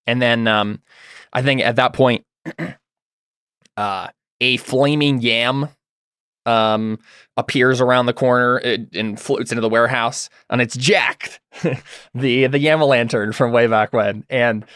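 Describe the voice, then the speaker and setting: A man's voice: mid-range voice, fairly even intonation, takes it slowly, a bit bright, clean tone, no echo, clean studio sound. A man narrating as game master in a tabletop role-playing game, casual and rambling with lots of fillers.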